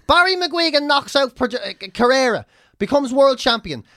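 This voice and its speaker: Irish guy on a podcast, swearing constantly, pitch jumps all over, dry close sound. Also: normal speed, dry recording. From Ireland. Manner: sweary, ranting, animated. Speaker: podcast co-host, comedian. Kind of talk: casual podcast chat.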